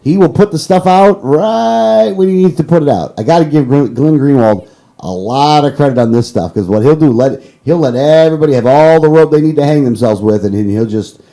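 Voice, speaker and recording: A man's voice: on the high side, fairly quick, mellow, poor audio. A man hosting a political talk show. He rants heatedly and then apologizes sheepishly.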